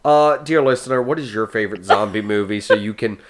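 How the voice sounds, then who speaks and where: A man hosting a podcast, chatting casually about movies in an excitable, rambling way. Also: lowish voice, fairly quick, slight background noise. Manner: excitable and rambling, jumps between thoughts. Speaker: podcast host.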